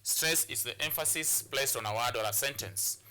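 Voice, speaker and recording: Kenyan guy teaching on tv, very bright voice, lots of uh and repeats. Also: medium pitch, moderate pace, faint music behind. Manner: repetitive, hesitant with many fillers. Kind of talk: televised classroom lesson.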